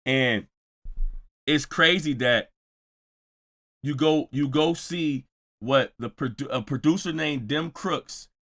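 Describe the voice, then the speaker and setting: A man's voice: a little high, takes it slowly, long pauses. A man hosting a reaction video, talking casually and teasingly, raising his voice and exaggerating for effect. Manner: animated, teasing, shouts and exaggerates. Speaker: reaction channel host.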